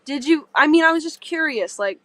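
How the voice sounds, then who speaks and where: A woman's voice: sits high, lively intonation, fairly quick, a bit bright, no echo. A young woman calling in to a live stream, chatting in a giggly, gossipy way. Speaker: guest caller. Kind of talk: casual stream chat.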